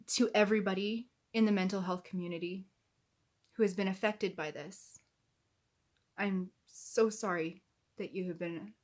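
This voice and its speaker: A woman giving heated, indignant reaction commentary to camera, swearing as she gets angry. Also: mid-range voice. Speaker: YouTube commentator.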